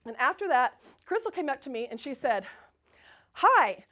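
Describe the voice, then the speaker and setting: Bubbly woman, slightly high voice. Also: a little fast. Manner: bubbly, laughs often, acts out her own excited quotes. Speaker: guest speaker at a spiritual center. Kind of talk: Sunday talk, personal storytelling. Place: spiritual center sanctuary.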